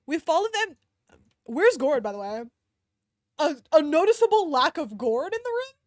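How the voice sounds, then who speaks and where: A young woman streamer reading fanfiction aloud, reacting with animated outbursts, swearing and laughter. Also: sits high, normal speed, no echo, studio quality.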